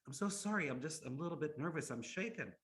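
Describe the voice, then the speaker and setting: A man voicing a clever young princess, speaking softly and pleadingly in a raised voice. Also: animated, fast talker. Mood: nervous. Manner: soft pleading, higher voice.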